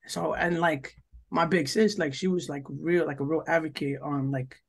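Husky rambling young man telling stories. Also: fairly high pitch, steady tone, moderate pace. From New Jersey. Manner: rambling, profane, full of "like" and "yo", acts out quoted lines. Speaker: podcast co-host. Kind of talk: casual storytelling chat.

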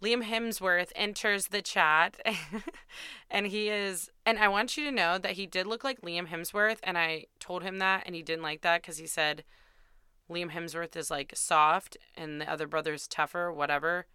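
A woman's voice: fairly low pitch, fairly even intonation, measured pace, bright, forceful tone, clean tone, dry recording, clean studio sound. A young woman host telling a candid, self-deprecating dating story in a chatty way, swearing freely. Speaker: podcast host.

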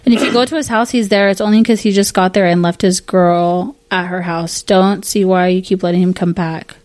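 A woman's voice: lowish voice, steady tone, fairly quick, darkish tone. A woman on a podcast telling a story in loose casual chat. She swears constantly and strings her sentences together with "like," keeping the tone conversational. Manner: swears a lot, tells stories with lots of "like". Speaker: podcast co-host.

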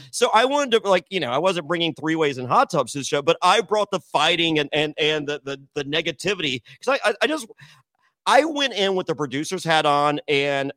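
A man's voice: a little high, a bit bright, no room sound. A man guesting on a podcast, telling brash, profane stories with many restarts. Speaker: podcast guest, former reality show contestant. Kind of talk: casual storytelling chat.

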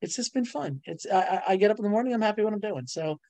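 Middle-aged woman, bubbly storyteller, dry close sound, animated guest. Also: medium pitch, quick pace, dry recording. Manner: bubbly storyteller, laughs often, voice jumps up on punchlines. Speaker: guest, ghostwriter and publisher. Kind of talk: animated casual interview talk.

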